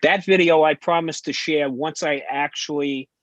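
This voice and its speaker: A man's voice: fairly high pitch, steady tone, normal speed, fairly bright tone, no echo, lo-fi sound. An older man co-hosting a casual talk show, chatty and emphatic. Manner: chatty, emphatic, says yeah often.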